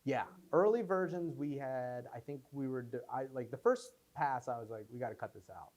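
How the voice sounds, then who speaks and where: Rambling, animated filmmaker telling stories. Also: male voice, mid-range voice, moderate pace. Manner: rambling anecdotes, many fillers, acts out quotes. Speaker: filmmaker answering audience questions. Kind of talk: casual post-screening Q&A. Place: screening room before an audience.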